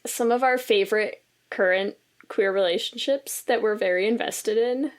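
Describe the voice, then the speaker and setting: A woman's voice: medium pitch, normal speed. A woman co-hosting a podcast, teasing her co-host playfully and laughing easily. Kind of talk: casual chat.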